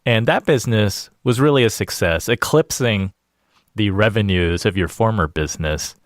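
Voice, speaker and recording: A man hosting a finance podcast, reading sponsor lines and asking questions in a calm, measured way. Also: on the low side, dry recording, studio quality. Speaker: podcast host. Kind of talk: scripted ad read and interview questions. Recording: guitar music underneath.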